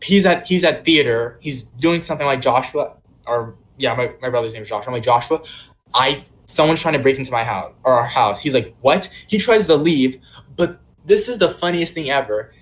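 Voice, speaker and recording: A man's voice: mid-range voice, expressive, a little fast. A young man casually telling a long personal story on a podcast, full of "like" and "um" fillers. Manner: rambling, many "like" and "um" fillers. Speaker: podcast co-host.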